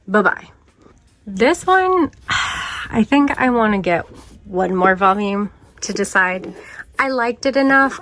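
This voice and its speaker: A woman manga vlogger in casual, rambling chat, self-deprecating and often trailing off into quieter asides. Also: medium pitch, slight background noise.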